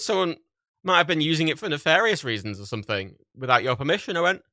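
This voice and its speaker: A man's voice: high-pitched, sing-song, fast talker, creaky, sharp tone, no room sound, studio quality. A man streaming live, telling a story in a casual, profane rant and acting out quoted exchanges in other voices. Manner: profane, exasperated ranting storyteller. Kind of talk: casual livestream chat.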